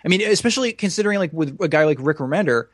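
A man's voice: on the high side, animated, rapid-fire, dry recording, studio quality. A man co-hosting a podcast, talking casually in a rambling, profane, self-deprecating way. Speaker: podcast co-host. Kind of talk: casual chat.

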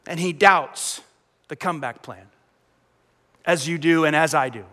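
A male pastor preaching with animated energy, throwing questions out to his congregation. His voice sits high and bright. It rings with a long reverb across a large auditorium. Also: measured pace. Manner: animated, conversational, quizzing the crowd. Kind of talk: sermon.

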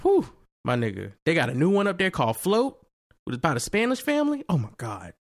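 A man from Virginia hosting a podcast, talking loose, slangy and animated. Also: a little high, fairly quick, dry recording, studio quality. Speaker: podcast host. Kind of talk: casual podcast chat.

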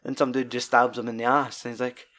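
A man's voice: medium pitch, fast. A man with a Scottish accent chatting casually about films, rambling and swearing often. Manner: sweary, rambling and animated retelling. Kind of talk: casual film chat.

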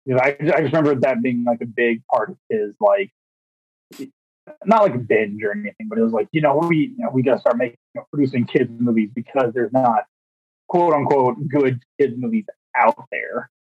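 A man's voice: medium pitch, brisk, darkish tone, slightly rough, no room sound, lo-fi sound. A man on a podcast chatting about movies in a rambling way, full of fillers. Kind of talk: casual movie chat.

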